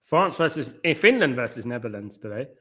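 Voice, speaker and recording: His voice is medium-pitched, sing-song, fairly quick and fairly bright as he hosts a live football watchalong from home late at night. He reads viewers' comments out and answers with rambling, scornful bluntness about the game.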